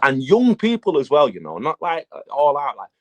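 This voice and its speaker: A man, a battle rap guest talking casually in an interview, telling animated stories and swearing a lot. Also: on the high side, normal speed. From England. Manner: animated storytelling, heavy swearing.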